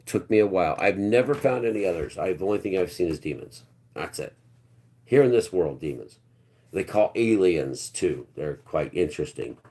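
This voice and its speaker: Deep-voiced man rambling through a story. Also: animated, normal speed, dark tone. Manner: rambling, wandering, blunt and earthy. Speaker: live stream host.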